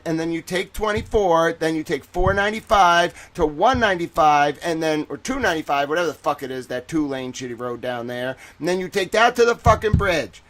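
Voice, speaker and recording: Livestream host, male, Boston accent, slightly high voice, animated profane ranter. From Boston, Massachusetts. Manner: profane, ranting, heavy swearing; animated, jokey, laughs often. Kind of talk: casual livestream chat.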